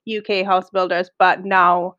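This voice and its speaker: A woman's voice: on the low side, flat delivery, unhurried, fairly bright tone, highs cut off. A woman from Jamaica with a Jamaican accent, a guest answering interview questions confidently with light laughs. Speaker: guest, project manager.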